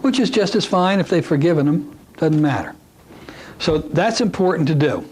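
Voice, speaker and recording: A man's voice: on the high side, lively intonation, moderate pace, a little mellow, husky, low-quality recording. A man teaching a hypnosis technique to a class in a folksy, conversational way, dropping in asides to the audience. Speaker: hypnosis instructor.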